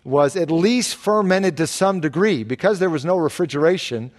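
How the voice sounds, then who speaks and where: Earnest pastor answering Bible questions. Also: male voice, on the high side, lively intonation, normal speed. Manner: earnest, explanatory, rhetorical questions. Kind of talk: sermon-style Q&A.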